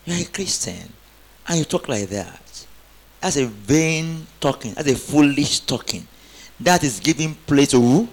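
A man's voice: mid-range voice, animated, measured pace. A man preaching a sermon, calling on the congregation to answer back and rising into emphatic exclamations. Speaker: pastor.

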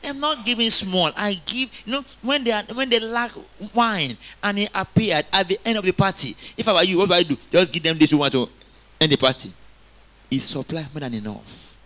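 A male pastor preaching a sermon, calling on the congregation to repeat after him and swinging between loud exhortation and quiet asides. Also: high voice, fairly quick. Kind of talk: sermon with call-and-response.

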